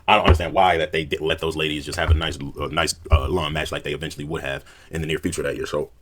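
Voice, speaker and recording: A man giving rapid, conversational wrestling opinion commentary, often repeating "you know what I'm saying". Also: very deep voice, fairly even intonation, a bit bright. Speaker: wrestling opinion video narrator.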